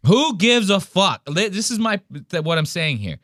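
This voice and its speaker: A man hosting a podcast, mocking a clip with profane, animated reaction commentary. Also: high-pitched, normal speed, a little hiss or hum. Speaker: podcast host.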